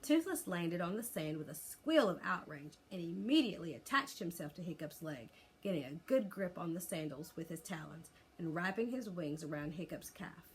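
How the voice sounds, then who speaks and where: A woman reading a children's chapter book aloud as a teacher, in an expressive, lively storytelling voice. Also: on the low side, moderate pace, slight background noise.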